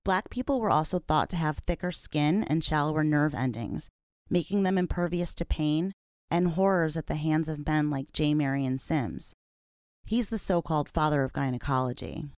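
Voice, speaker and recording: A woman with a low, steady voice carries a scripted documentary narration. She speaks in a measured, serious way, and the recording is close and dry with no room sound. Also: no room sound. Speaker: podcast host.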